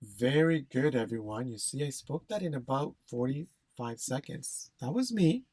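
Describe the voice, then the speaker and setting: A man's voice: mid-range voice, animated, moderate pace, darkish tone, slightly rough, dry recording. A man teaching an exam-prep lesson, stressing key phrases, repeating them and checking in with "okay?". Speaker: English test instructor.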